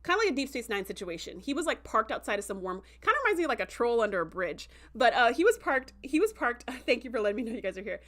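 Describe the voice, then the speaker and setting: A woman with a fairly high voice recaps an episode on a casual livestream. She talks in a loose, chatty way, stringing thoughts together with "like" and "um." When she quotes characters, she acts out their lines with lively, animated voices. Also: quick pace, hardly any pauses. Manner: chatty, heavy with "like" and "um" fillers. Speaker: show reviewer hosting a livestream.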